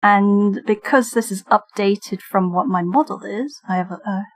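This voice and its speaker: A woman's voice: medium pitch, a little slow. A British woman streamer chatting casually with her viewers while she draws, often breaking into giggles. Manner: giggly, talks while drawing and reading chat. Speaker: streamer and digital artist. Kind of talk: casual livestream chat.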